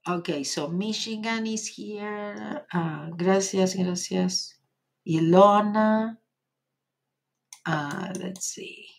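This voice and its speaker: A woman with an Argentinian Spanish accent, a native Spanish speaker, hosting a casual live stream and reading viewer comments in a gentle, encouraging way with many fillers. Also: medium pitch, very slow, creaky.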